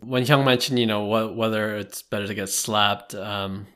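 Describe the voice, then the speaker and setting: A man's voice: fairly low pitch, fairly even intonation, normal speed, a bit bright. A man hosting a casual podcast chat, steering the talk. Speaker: host.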